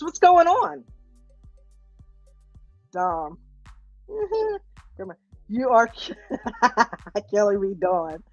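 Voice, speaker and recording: A woman's voice: on the high side, dry recording. A woman hosting a casual live stream, upbeat and greeting viewers one by one. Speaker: livestream host. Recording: dull, lo-fi stream audio.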